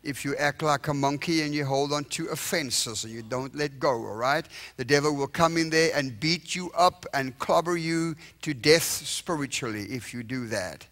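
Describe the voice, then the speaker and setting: South African preacher, upbeat and joking. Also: male voice, a little high, normal speed, few pauses. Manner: lively, joking with the congregation, repeats words, asks "all right?". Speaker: visiting revival preacher. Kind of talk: sermon. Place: church sanctuary.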